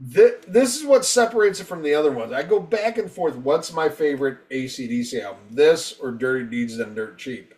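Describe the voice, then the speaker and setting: A man's voice: mid-range voice, darkish tone. Profane rambling man reviewing a record. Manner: profane, rambling, acts out quotes. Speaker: podcast co-host. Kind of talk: casual album review chat.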